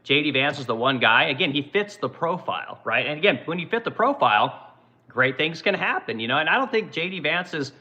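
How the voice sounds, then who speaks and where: Profane male livestream host, forty-something, forceful tense delivery, dull lo-fi audio. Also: fairly high pitch, expressive, a little fast. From Oregon, USA. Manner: profane, ranting. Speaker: livestream host and business owner. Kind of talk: casual livestream commentary.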